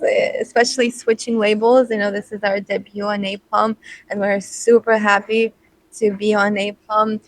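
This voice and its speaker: A woman being interviewed about her band, talking casually with many fillers and halting restarts. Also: mid-range voice, dry recording, poor audio. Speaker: band singer, interview guest.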